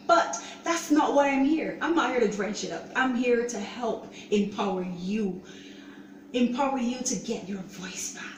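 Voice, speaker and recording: A woman hosting her own show, giving an earnest, halting personal testimony and often saying "you know". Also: medium pitch, a little hiss or hum. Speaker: show host sharing her own story. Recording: roomy echo, voice distant from mic.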